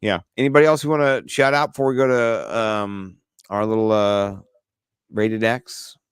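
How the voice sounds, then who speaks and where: A man's voice: lowish voice, fairly even intonation, normal speed, smooth, no room sound, studio quality. A man co-hosting a podcast in casual chat, rambling with lots of fillers and easily amused. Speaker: podcast co-host.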